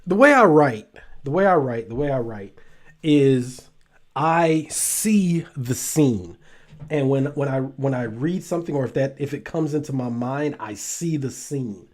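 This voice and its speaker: Male host, solo casual monologue; unhurried, lively pitch, laughs a lot, loops phrases, profane. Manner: animated, laughs often, repeats phrases, swears freely. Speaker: show host.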